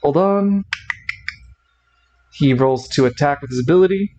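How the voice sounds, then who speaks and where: A man's voice: a little high, unhurried, warm tone, highs cut off, slight background noise. A man narrating a tabletop role-playing game as game master, often stopping and restarting while he checks the rules.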